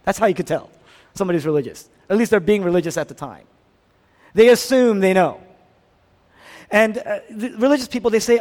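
A man with a high, light voice delivers a sermon, pressing points home through repetition and swinging from near-whispers to ringing emphasis. His words trail off into the long reverb of a large hall. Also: fairly quick, pauses often. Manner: emphatic, swings between hushed and loud, repeats phrases. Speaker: pastor.

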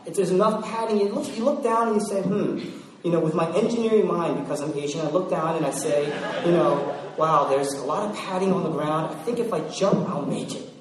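A man's voice: on the high side, fairly quick. A man preaching a sermon, telling stories animatedly and acting out voices, heard from a distance in a large church hall. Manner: animated storytelling with acted-out voices. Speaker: pastor. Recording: echoey hall from far off.

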